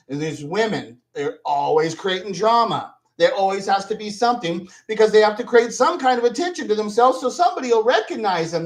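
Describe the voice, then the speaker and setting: A man's voice: high voice, poor audio. A man hosting a commentary channel, ranting in a scornful, rambling way full of swearing.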